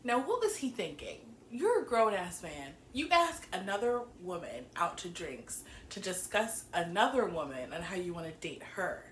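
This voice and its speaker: A woman's voice: on the low side, very animated, normal speed, hardly any pauses, fairly bright tone, slight background noise. Giggly woman in an echoey room. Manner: giggly, chatty, often breaks into laughter. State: slap-happy and sleepy early in the morning. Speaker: TV show reviewer. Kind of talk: casual recap review.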